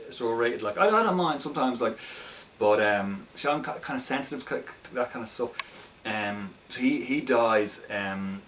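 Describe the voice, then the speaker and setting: A man's voice: mid-range voice, animated, moderate pace, few pauses, fairly bright tone, distant mic, a little hiss or hum. A man casually reviewing a film, talking in a hesitant, stop-start way with many restarts.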